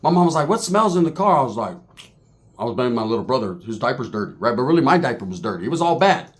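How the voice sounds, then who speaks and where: A man's voice: mid-range voice, big pitch swings, fast talker. A man telling a crude prison story, swearing freely and acting out the other people's voices. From California. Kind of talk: profane storytelling monologue.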